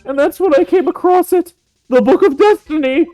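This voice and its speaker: A woman's voice: very high voice, normal speed, mellow, no echo, soft background music, poor audio. A woman voicing a goofy, flustered young man in a game fan dub, stammering and gushing.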